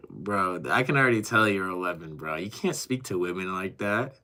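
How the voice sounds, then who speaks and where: A young man streams from a rented apartment, reading chat messages out loud and reacting with casual, profanity-laced banter. His voice sits on the low side. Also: expressive, normal speed. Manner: reads chat messages aloud and reacts, swearing.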